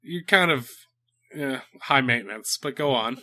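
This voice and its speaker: A man co-hosting a comedy podcast, bantering with deadpan, playfully crude improv. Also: mid-range voice, measured pace. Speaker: podcast co-host.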